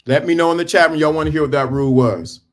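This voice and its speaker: A middle-aged man, speaking a little high, lectures his livestream viewers in an emphatic, preachy way. He talks straight to them and keeps stopping and restarting his sentences while he gets dressed. The sound is picked up on his phone or camera. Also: quick pace. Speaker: livestream host. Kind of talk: casual motivational livestream talk. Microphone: phone or camera on a stand.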